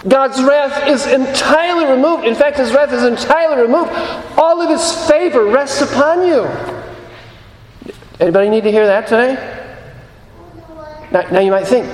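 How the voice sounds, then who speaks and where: Male pastor with a high voice, earnest sermon delivery, roomy church echo. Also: slight background noise. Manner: earnest, repeats phrases for emphasis, slows on key lines. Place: church sanctuary. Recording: echoey hall.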